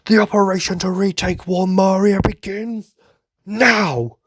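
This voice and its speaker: Brief: bold army commander yelling orders, a man putting it on, high and slow, dry sound. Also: steady tone, dry recording. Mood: commanding. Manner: shouted, drawn-out battle cries. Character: rousing male army commander, fierce and bold.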